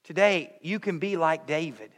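A man preaching a sermon, emphatic, moving between raised passages and hushed ones. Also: fairly high pitch, moderate pace, in a large hall. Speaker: pastor.

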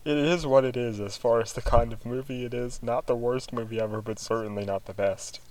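A man's voice: medium pitch, steady tone, brisk, darkish tone, poor audio. A man guesting on a podcast, joking about a movie and laughing through his sentences as he reads reviews. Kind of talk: casual chat reviewing a movie.

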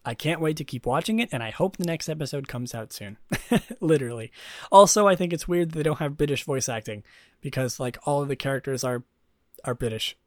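A man's voice: a little high, animated, a little fast, no room sound, studio quality. A young man hosting a casual solo podcast, rambling with many fillers and restarts. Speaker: podcast host.

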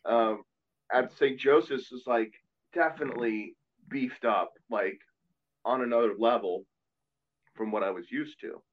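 Earnest talkative priest, muffled sound. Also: male voice, medium pitch, a little slow, long pauses. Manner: earnest, talkative, self-deprecating. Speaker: Catholic priest. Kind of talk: casual podcast chat.

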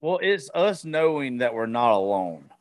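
A man's voice: mid-range voice, sing-song, unhurried. A male podcast host in casual, profane chat, often stumbling and restarting his sentences.

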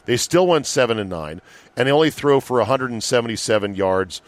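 A man hosting a sports talk podcast in a loose, joking way. His pitch swings widely as he riffs and does quick voices. He swears casually and keeps the back-and-forth rolling. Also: lively intonation, no echo. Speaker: podcast host.

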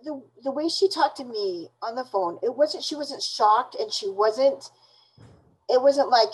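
A woman being interviewed, recounting events in a halting, indignant way with many restarts. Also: fairly high pitch, expressive, husky, rough recording. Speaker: interview guest.

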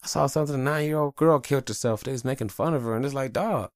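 A man's voice: mid-range voice, quick pace, no echo, clean studio sound. A man hosting a solo podcast, talking casually in a rambling, profane, blunt way about his family and life. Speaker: podcast host.

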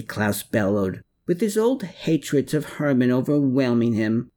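A man narrating a novel, dropping low and slowing for the dialogue tags. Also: sing-song, a little mellow. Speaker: audiobook narrator.

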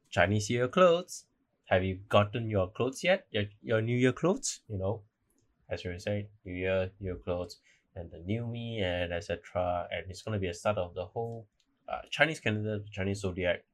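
A man's voice: fairly low pitch, fairly bright tone. A young man hosting a casual solo podcast, rambling, apologizing and correcting himself as he goes. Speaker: podcast host.

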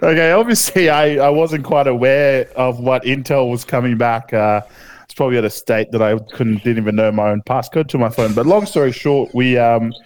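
Aussie bloke yarning on a podcast, smooth clear voice, swears heaps, lots of ums. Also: male voice, medium pitch, moderate pace, no echo. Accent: Australian. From Australia. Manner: laid-back storytelling, heavy swearing, lots of fillers. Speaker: podcast co-host. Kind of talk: casual chat.

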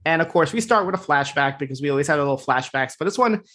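A man's voice: a little high, lively intonation, fast, pushed and bright. Chatty man recapping a TV episode. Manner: loose and chatty, leans on "like" and "you know". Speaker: podcast co-host recapping a TV episode. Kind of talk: casual chat.

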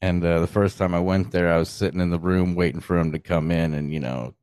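A man's voice: low-pitched, steady tone, brisk, a little mellow, smooth, no echo, clean studio sound. A man on a podcast telling a long anecdote in a casual, profane way, chuckling along as he goes. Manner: profane, laughing through his own anecdote. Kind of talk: casual storytelling.

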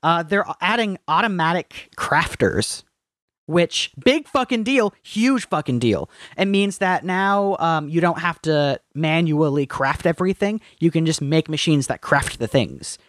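A man's voice: on the high side, unhurried, fairly bright tone, no echo, clean studio sound. A man co-hosting a podcast, chatting casually in a blunt, profane and enthusiastic way. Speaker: podcast co-host. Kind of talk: casual chat.

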